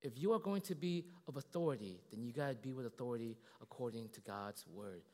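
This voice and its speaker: A male pastor giving a casual, animated sermon full of fillers and self-deprecating jokes. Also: medium pitch, fairly quick, long reverb tail.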